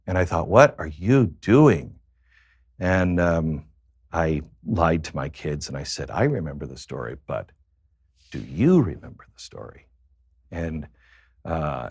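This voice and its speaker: A man with a fairly low voice recounts a confessional personal story as a guest on a show. He speaks haltingly, pausing often and filling the gaps with fillers. The sound is dry and close, with no room echo. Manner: halting, with many pauses and fillers.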